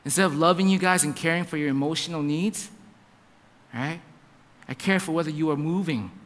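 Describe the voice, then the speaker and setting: A man's voice: on the high side, fairly quick, a bit bright, in a large hall. A man in his thirties, a pastor giving a sermon in a church, telling a family story with lots of quoted dialogue and stumbling restarts. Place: church sanctuary.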